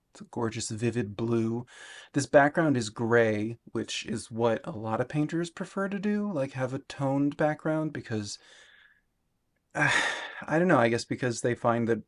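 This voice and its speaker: A man casually narrating a voice-over for his painting time lapse, rambling and self-deprecating as he explains his process. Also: fairly low pitch.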